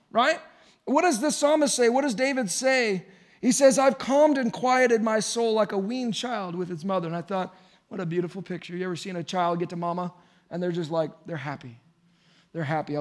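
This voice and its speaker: A man in his thirties preaching a sermon to his congregation in a conversational way, building to emphatic points. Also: high-pitched. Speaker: pastor.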